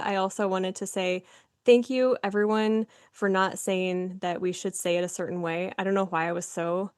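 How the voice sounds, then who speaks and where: A woman's voice: fairly low pitch, darkish tone, dry recording, clean studio sound. A woman from Nebraska co-hosting a podcast, talking in a chatty, rambling way with frequent giggles. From Nebraska, United States. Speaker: podcast co-host. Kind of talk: casual chat.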